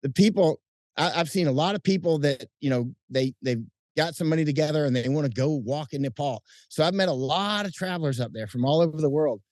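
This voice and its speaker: Animated middle-aged man telling stories. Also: fairly high pitch, brisk, dry recording, clean studio sound. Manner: animated storyteller, frequent restarts and chuckles. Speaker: interview guest, combat correspondent. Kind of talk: casual interview chat. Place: outdoors at night under lights.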